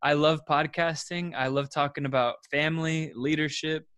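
A man's voice: fairly high pitch, steady tone, moderate pace, fairly bright tone, smooth, no room sound, clean studio sound. A man in his thirties, a podcast guest, who talks earnestly in a casual interview and repeats words as he thinks.

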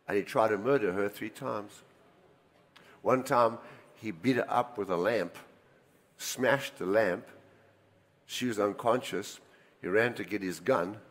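Older man, pastor preaching, lowish voice, storytelling that swings loud and soft, long hall reverb. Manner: animated storytelling, swinging between loud emphasis and quiet asides. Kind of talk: sermon with personal stories.

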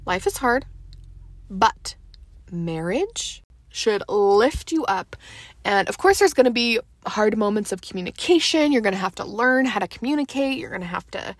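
A young woman hosting a casual solo podcast, chatty and animated, veering into fired-up rants. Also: on the high side, quick pace, hardly any pauses, dry recording. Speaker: podcast host.

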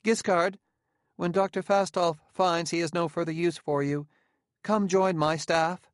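A man reading a proud woman scientist who sneers and commands, her lines dry and close with a gravelly edge. She is haughty and cold in this audiobook. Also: mid-range voice, animated, normal speed, dry recording, close to an everyday voice. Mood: warm. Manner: sneering, imperious.

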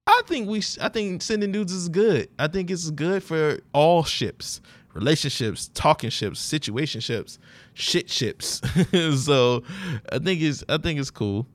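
A man's voice: a little high, lively intonation, dry recording. Laid-back joking man with New Orleans accent. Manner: laid-back, joking, laughs often, drawn-out slang. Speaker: podcast host. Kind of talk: casual solo podcast monologue.

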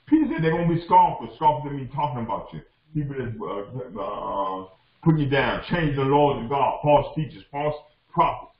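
A man's voice: mid-range voice, moderate pace. A man preaching a sermon as a bishop, impassioned and repetitive, often calling out to the congregation. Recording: echoey dull lo-fi room recording.

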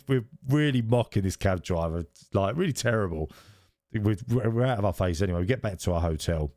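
A man's voice: on the low side, animated, fairly quick, darkish tone, dry recording, clean studio sound. A man in his forties, co-hosting a podcast and rambling through a funny story while laughing at himself. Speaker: podcast co-host. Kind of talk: casual storytelling chat.

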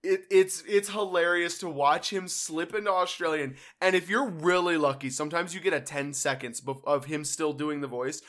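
A man with a bright, slightly high voice hosts a loose comedy podcast. He reads listener questions aloud and keeps breaking into laughter. His tone stays lively and playful. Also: moderate pace, few pauses. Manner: laughs often while reading questions. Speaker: podcast host. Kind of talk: casual comedic chat.

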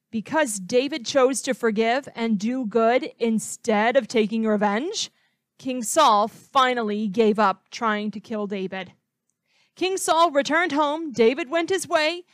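Gentle woman teaching a children's Bible lesson. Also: fairly high pitch, no echo. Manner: asks the listener questions, slow and gentle.

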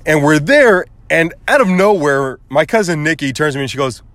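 Speaking briskly with hardly any pauses, this young Arizona man uses a higher voice to tell a story on his podcast. He's animated, casually profane, and imitates the voices of the people he quotes.

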